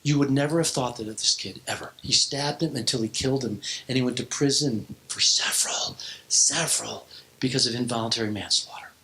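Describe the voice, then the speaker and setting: A middle-aged man preaching a sermon to a youth group in a church hall, telling stories with restarts and sudden drops to a hushed voice. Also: medium pitch, a little fast. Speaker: pastor. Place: church hall, in front of students.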